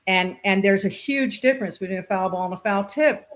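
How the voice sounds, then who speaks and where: A woman's voice: medium pitch, a little fast. An older woman, a former sportscaster and umpire, telling stories in a casual interview and acting out the dialogue. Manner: animated storyteller acting out quoted dialogue.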